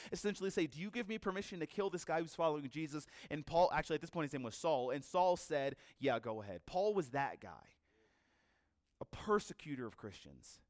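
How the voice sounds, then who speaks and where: A male pastor preaching a sermon, telling a story with lively energy and acting out the characters he quotes. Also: high voice, dry recording, clean studio sound.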